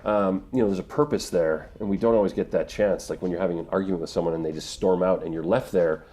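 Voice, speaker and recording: A middle-aged man, a voice actor, answering interview questions in an earnest, emotional way, often pausing and restarting. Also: low voice, warm tone. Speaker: voice actor guest.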